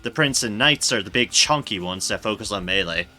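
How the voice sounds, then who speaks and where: A man giving excitable, gushing let's-play commentary on a video game, swearing now and then. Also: fairly low pitch, a little fast, faint music behind. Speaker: streamer.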